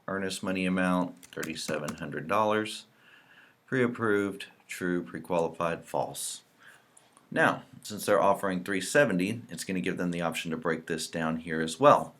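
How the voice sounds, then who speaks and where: In a screen-recorded tutorial, a deep-voiced real estate software trainer walks through the program. He is relaxed and explanatory, typing out example entries as he speaks.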